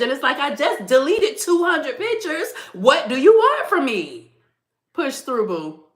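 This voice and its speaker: A woman in her thirties hosting her weekly live stream, talking in a lively, preachy way to her viewers, calling them baby and y'all and laughing often. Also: mid-range voice. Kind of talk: casual motivational live stream talk.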